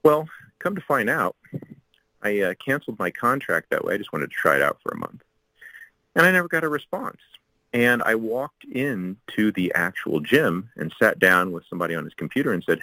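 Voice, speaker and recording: Deep-voiced male guest, loose and chatty, circles back with asides. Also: very animated, brisk, sharp tone, dry recording, rough recording. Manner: rambling, with many fillers and asides. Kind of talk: casual explanatory talk.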